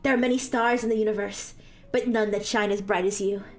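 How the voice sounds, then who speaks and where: A woman voicing a hot-tempered young German man with a German accent, shouting and swearing in a comedic fanfiction reading. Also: mid-range voice, steady tone, a little fast, pitched below the performer's own voice, natural voice. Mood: tender.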